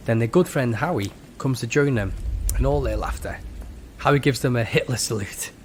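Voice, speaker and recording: A man's voice: medium pitch, normal speed. A man with a slight cold reads a bad screenplay aloud for a comedy podcast, laughing between lines. His voice sits mid-range, with a faint hiss of noise behind it. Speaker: podcast co-host reading a screenplay. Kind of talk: comedic script reading with put-on voices.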